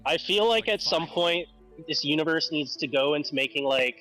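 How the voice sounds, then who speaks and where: A man joining a friend's stream on a voice call, chatting excitably, swearing freely and saying "like" a lot. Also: on the high side, moderate pace, faint music behind, poor audio. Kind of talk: casual chat on a voice call.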